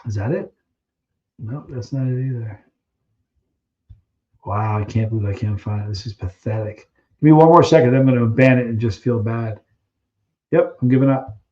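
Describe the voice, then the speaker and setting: A man's voice: medium pitch, normal speed, long pauses, dark tone, dull audio. A man hosting a casual live stream, chatting loosely with viewers, reading out their questions and trailing off while he searches for names.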